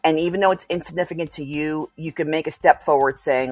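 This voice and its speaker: A woman's voice: deep voice, steady tone, fast talker, hardly any pauses, a little mellow, no echo, faint music behind. A woman on a podcast earnestly explaining respect for boundaries. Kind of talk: casual chat.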